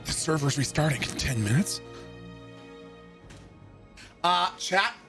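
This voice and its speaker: A male game streamer telling an army story and chatting with viewers in an animated, joking, profane way. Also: a little high, takes it slowly, faint music behind. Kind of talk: casual storytelling and chat with viewers.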